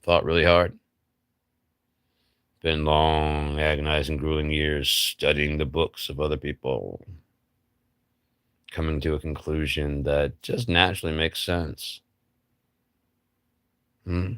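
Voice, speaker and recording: A man with an extremely deep voice muses slowly through a rambling livestream monologue. He is blunt and profane, firing off rhetorical questions and mocking asides, and the sound is dry and close. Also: little pitch movement, fairly bright tone, clear, resonant tone, no room sound. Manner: blunt, profane, musing philosophically. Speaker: livestream host.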